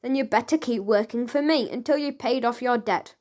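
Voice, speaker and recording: A woman's voice: fairly high pitch, a little fast, a little mellow, natural voice. A woman voicing a greedy, menacing male crime boss in a storybook reading, with a sneering, threatening manner.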